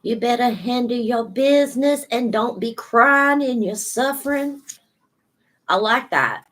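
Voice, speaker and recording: A woman's voice: on the high side, animated, unhurried, a bit bright, rough recording. A woman giving a casual tarot reading, sassy and emphatic, speaking straight to her viewers. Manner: sassy, emphatic, laughs often. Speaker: tarot reader.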